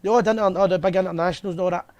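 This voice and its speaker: A Scottish man hosting a live fan show, talking quickly in loose, jokey banter. His voice sits fairly high for a man and rattles along without pause. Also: steady tone, darkish tone. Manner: chatty, jokey, fast banter. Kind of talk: casual chat.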